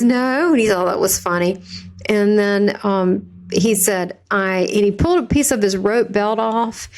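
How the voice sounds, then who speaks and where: Chatty Southern woman telling a story. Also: mid-range voice. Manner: chatty and vivid, acts out quoted voices. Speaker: podcast guest, medium. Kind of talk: personal storytelling in conversation.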